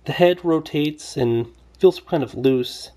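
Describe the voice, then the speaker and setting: A man's voice: fairly high pitch, slow, warm tone. A man casually reviewing an action figure, rambling loosely with lots of fillers and a wry, mildly complaining edge. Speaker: toy reviewer. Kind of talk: casual toy review vlog.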